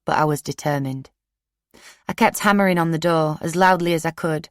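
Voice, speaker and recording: A woman narrating a first-person true crime audiobook in a steady, plain-spoken way. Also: low voice, normal speed, no echo, studio quality.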